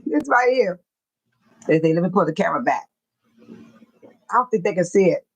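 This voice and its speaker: A woman's voice: fairly low pitch, expressive, moderate pace, slightly rough, poor audio. A woman hosting a livestream, chatting casually to her viewers, repeating herself and laughing often. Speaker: livestream host.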